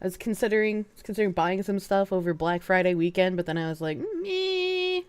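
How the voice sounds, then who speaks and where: A woman's voice: on the low side, little pitch movement, fast talker, a little mellow, clear, resonant tone, dry recording. A young woman streaming and chatting casually with her viewers. She swears freely, laughs often, and talks around a sore, swollen tongue. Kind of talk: casual live-stream chat.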